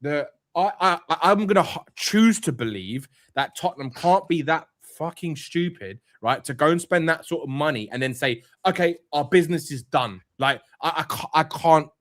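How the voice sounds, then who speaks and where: Passionate man with restarts, slightly high. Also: expressive, a bit bright. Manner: passionate, halting with many restarts. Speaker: co-host. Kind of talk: casual fan podcast banter.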